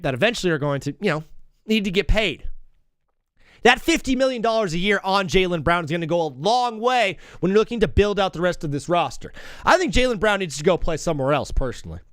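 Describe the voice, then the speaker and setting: Man, live-stream sports host, high voice, lively swings, dry close sound, jokey rambling banter. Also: no room sound. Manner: energetic, joking, rambling riffs.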